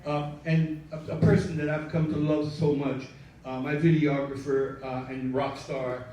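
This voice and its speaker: Rambling, cursing storyteller joking with the crowd; slightly high voice in an echoey room. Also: male voice, flat delivery, a little slow, dark tone, slight background noise. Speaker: storyteller and show producer. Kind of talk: live storytelling performance. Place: live event room with an audience. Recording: echoey room, mic at a distance.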